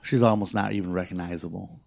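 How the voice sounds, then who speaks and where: A middle-aged man co-hosting a podcast, telling animated stories in casual chat and swearing freely. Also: low-pitched, quick pace, creaky, no room sound. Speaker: podcast co-host.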